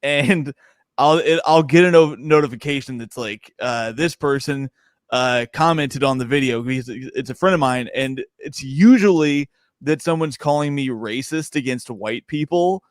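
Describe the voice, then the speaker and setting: Young man, comedian guest, casual chat, animated, laughing, dry recording. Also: mid-range voice, moderate pace, no room sound. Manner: animated, laughs often, repeats words.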